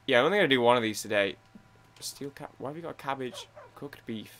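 Brief: young male gaming host, chatty rambling commentary, mid-pitched, stumbles over words. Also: fairly quick, fairly bright tone. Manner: rambling, chatty, talking to himself. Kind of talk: gameplay commentary.

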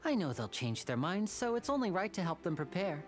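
A woman voicing a charming young male stage magician in a video game, smooth, teasing and gently persuasive. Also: on the low side, very animated, brisk, soft background music.

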